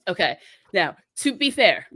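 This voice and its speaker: A woman from Florida telling a family anecdote in a casual talk, animated and acting out the people in it. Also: lowish voice, unhurried, dry recording. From South Florida, US. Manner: animated, acts out voices in her anecdote. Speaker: guest. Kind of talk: casual storytelling.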